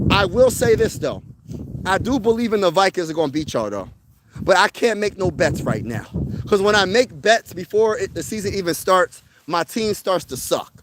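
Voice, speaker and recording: A man hosting a casual sports talk stream outdoors, answering his chat in an excitable, slangy way and repeating himself for emphasis. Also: high voice, noisy background. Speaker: sports channel host. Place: outdoors, windy.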